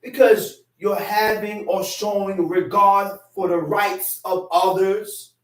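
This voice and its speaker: A man's voice: high voice, steady tone, takes it slowly. A man preaching a sermon, telling a personal story and acting out the voices in it. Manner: storytelling, acts out voices in quotes. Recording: echoey room, mic at a distance.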